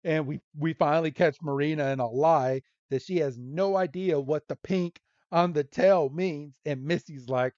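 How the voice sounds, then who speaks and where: A podcast host with a higher-pitched voice casually recaps a cartoon episode and drops into quick character quotes as he goes. The sound is dry and close, though the recording is muffled and lo-fi. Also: a little mellow, no echo. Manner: retells scenes with quick voiced quotes and laughs. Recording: dull lo-fi recording.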